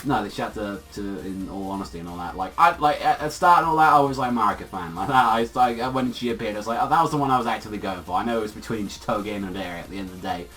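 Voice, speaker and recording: Brief: young male reviewer, low bright voice, rambling and profane, set back from the mic with faint music behind. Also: lively intonation, rapid-fire, hardly any pauses, recorded from a distance. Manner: rambling, filler-heavy, swears freely, gushing. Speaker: anime and manga reviewer. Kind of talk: casual spoken video review.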